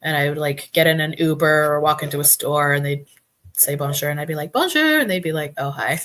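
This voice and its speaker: A woman's voice: deep voice, level tone, fast, a bit bright. A woman from Canada chatting casually on a podcast, filling her talk with "like". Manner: chatty, many "like" fillers. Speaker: podcast guest. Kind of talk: casual chat.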